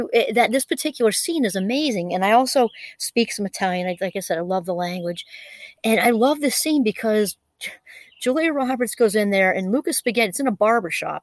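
A woman's voice: mid-range voice, no room sound. Chatty woman in her fifties, dry close sound. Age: 50s. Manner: rambling, full of "you know" and restarts. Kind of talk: casual reflective monologue.

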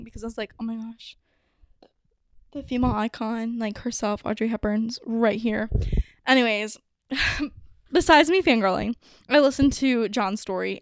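A young adult woman hosting a podcast, telling stories in a chatty, excitable way with lots of fillers. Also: a little high, smooth, no echo, clean studio sound. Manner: chatty, many "like"s, bubbly and excitable. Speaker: podcast host. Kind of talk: casual storytelling monologue.

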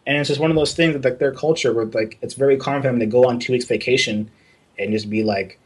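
Telling a story about his time working abroad, this young artist talks fast in a slightly rough, medium-pitched voice. His casual chat is animated and profane, and he acts out the quoted exchanges.

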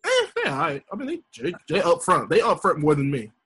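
A man's voice: on the high side, a little fast, husky. A young man chatting casually, telling stories and acting out other people's voices. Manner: animated storyteller, acts out voices. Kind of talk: casual chat.

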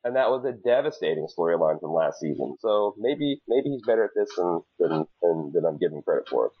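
Low-voiced male podcast co-host, animated and jokey, muffled recording. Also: brisk, husky. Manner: animated, stammering restarts, jokey. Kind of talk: casual recap chat.

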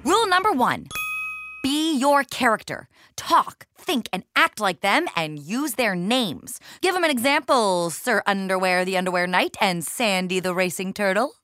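A woman's voice: mid-range voice, expressive, measured pace, fairly bright tone, no room sound, clean studio sound. A woman hosting a playful kids' game show in an upbeat, bouncy manner.

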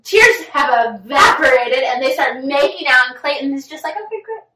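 A woman's voice: high voice, normal speed, recorded from a distance, noisy background. A young woman co-hosting a podcast, chatting casually and recapping gossip with acted-out quotes. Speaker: podcast co-host. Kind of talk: casual chat. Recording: echoey room, voice a bit off-mic.

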